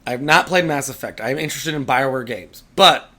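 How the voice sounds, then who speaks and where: A man's voice: medium pitch, a little fast, a crowd in the background. A man co-hosting a podcast, chatting casually about video games, joking and swearing freely. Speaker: podcast co-host.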